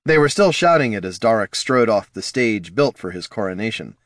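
A man narrating a fantasy story with expressive storytelling. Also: on the low side, normal speed, no echo, clean studio sound. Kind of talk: scripted narration.

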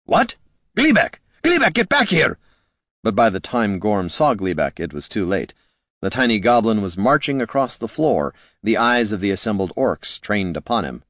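A man reading fantasy fiction as an audiobook narrator in steady storytelling style. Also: fairly low pitch, normal speed, dry recording, studio quality.

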